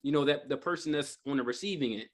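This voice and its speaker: Talking fast in a fairly high voice, a man leads a group through live sales training in a training room with an audience present. He rambles in a relaxed way, sprinkling in fillers and rhetorical "right?"s.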